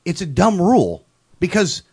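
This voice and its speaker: A man's voice: high-pitched, very animated, normal speed, gravelly, darkish tone, husky. A man co-hosting a casual talk show, telling a story with jokes and laughs. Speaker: show host. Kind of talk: casual chat.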